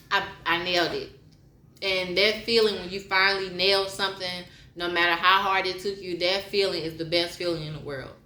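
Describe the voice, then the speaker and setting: A woman talks in a slow, unhurried way, with a bright and forceful tone. She gives a candid, repetitive pep talk and mixes in spoken poetry. Her voice echoes around a roomy space. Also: on the low side, a little hiss or hum. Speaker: motivational vlogger. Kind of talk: frank personal monologue with spoken poetry. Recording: roomy echo.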